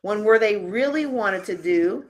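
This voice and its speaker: A woman presenting a live conference workshop, talking in a lively, conversational way straight to her audience. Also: mid-range voice, a little slow.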